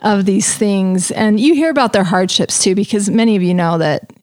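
A woman's voice: mid-range voice, expressive, moderate pace, darkish tone, dry recording, clean studio sound. A woman hosting a podcast, chatting casually and telling stories in a bubbly way. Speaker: podcast host. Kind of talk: casual chat.

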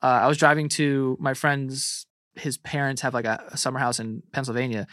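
A man co-hosting a podcast, telling animated stories in casual chat and swearing often. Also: mid-range voice, a little fast, no echo, clean studio sound. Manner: animated storytelling, heavy swearing. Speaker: guest co-host.

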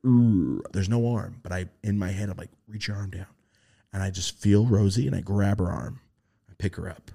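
A man's voice: moderate pace, vocal fry. A young man on a podcast telling a story in casual chat, swearing freely and acting out the voices he quotes. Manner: animated, swearing, acts out quoted voices in a high pitch. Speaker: podcast host.

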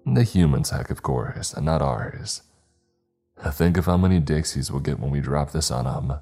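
Rowdy young male hunter friend, excitable, eggs his pal on, narrator's put-on voice. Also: rumbling low, normal speed, soft background music, full character voice. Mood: excited. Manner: excited, goading.

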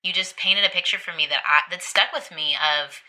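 A woman hosting a podcast interview, gentle and encouraging, with many soft murmurs of agreement. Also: lowish voice, brisk, rough recording. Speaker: podcast host. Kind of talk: casual interview conversation.

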